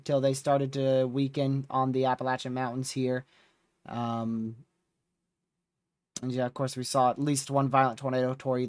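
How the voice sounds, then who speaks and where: A man's voice: mid-range voice, smooth, no echo. Weary man recapping on a livestream. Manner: rambling, relaxed recap with fillers. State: exhausted, yawning. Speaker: storm chaser livestream host. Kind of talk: casual livestream chat.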